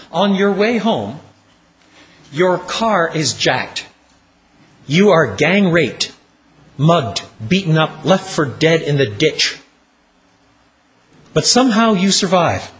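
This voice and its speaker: A man preaching a sermon with dramatic storytelling, dropping low and slowing down on key words.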